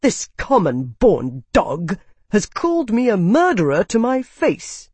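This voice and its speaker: A haughty young nobleman, as the audiobook narrator performs him, shrill and pitched well above the storyteller's own voice. He bristles with indignation and spits his words out hissing. The sound is dry and close. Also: huge pitch swings, takes it slowly, a little mellow, breathy edge, dry recording, full character voice. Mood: outraged. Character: arrogant haughty young male noble lord.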